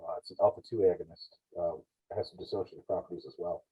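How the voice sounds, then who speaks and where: A man talks through emergency care on a podcast, rambling and often correcting himself mid-sentence. His voice sits low and has a husky edge. The audio is dull and lo-fi. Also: fairly even intonation, fast. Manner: rambling, explanatory, self-correcting. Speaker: paramedic guest. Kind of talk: podcast discussion.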